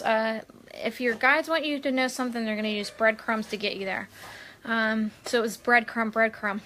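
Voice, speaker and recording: A woman's voice: on the high side, sharp tone, slight background noise. A woman hosting a casual live stream as a spiritual medium, chatting and rambling with lots of fillers, recorded at home on a webcam. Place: home, Maui.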